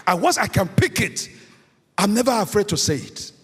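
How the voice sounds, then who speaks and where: A man's voice: sits high, lively intonation, normal speed, fairly bright tone, slightly rough. A man preaching a sermon as a pastor, emphatic, repeating key phrases and asking the congregation questions. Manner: emphatic preaching with repetition and call-and-response questions. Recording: echoey hall, long reverb.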